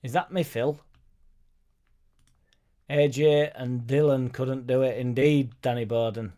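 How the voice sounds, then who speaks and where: A man's voice: mid-range voice, steady tone, a little slow, a little mellow. A man hosting a casual football fan live stream, reading viewer comments aloud and answering them in a chatty way. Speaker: fan channel host reading live chat.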